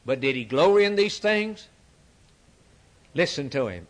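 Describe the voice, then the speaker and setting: A man's voice: a little high, sing-song, a little slow. A male preacher delivering a sermon from the pulpit, emphatic and rhetorical, with folksy turns of phrase.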